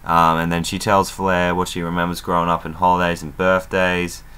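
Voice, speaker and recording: A man casually recapping a wrestling show as an excitable fan, chatty and loose, with plenty of fillers and some swearing. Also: sits low, moderate pace, clean tone.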